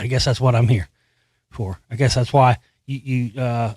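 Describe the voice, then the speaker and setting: A man's voice: mid-range voice, level tone, moderate pace, darkish tone, no room sound. A man hosting a solo commentary show, reading a news article aloud and breaking into profane, frustrated rants full of restarts. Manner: reads news text aloud, then comments. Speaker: host.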